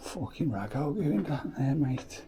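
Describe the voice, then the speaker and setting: A man's voice: a little high, expressive, measured pace, vocal fry. A man exploring an abandoned old building, talking in sweary, half-whispered, matter-of-fact asides. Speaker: urban explorer vlogger. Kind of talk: casual exploring commentary. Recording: loud background noise.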